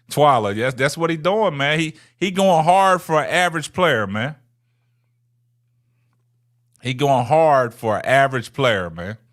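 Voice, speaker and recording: A man's voice: medium pitch, expressive, a little slow, long pauses, fairly bright tone. A man, hosting a casual livestream and talking to viewers in the chat. He taunts them, repeats himself and ends many phrases with "man". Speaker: livestream host.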